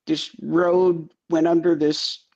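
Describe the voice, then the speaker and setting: A man's voice: fairly high pitch, little pitch movement, slow, darkish tone. A man co-hosting a casual political chat, blunt and repeating himself for emphasis, on dull lo-fi audio. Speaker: co-host.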